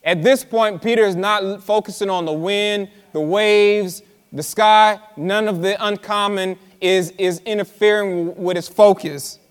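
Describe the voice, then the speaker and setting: High-voiced preacher in a reverberant hall. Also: male voice, fairly even intonation, clear, resonant tone. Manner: preaching with dramatic slow emphasis and repetition; conversational, tells the congregation to listen. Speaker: pastor. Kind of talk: sermon. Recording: live sermon with hall reverb.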